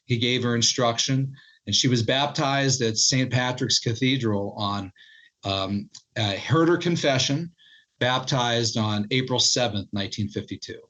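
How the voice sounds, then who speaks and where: A middle-aged man, an author being interviewed, telling a story in animated fashion and acting out quoted lines. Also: medium pitch, unhurried, dull audio. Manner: animated storyteller, quotes others in their voices. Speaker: author and historian guest.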